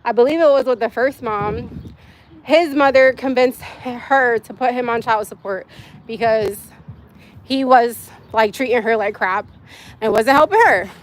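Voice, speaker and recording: A young woman with a fairly high voice, chatting candidly with viewers on a phone livestream. She rambles and laughs often. A faint hum of room noise sits under her voice. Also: measured pace. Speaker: livestream host. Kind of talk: casual live-stream chat with viewers.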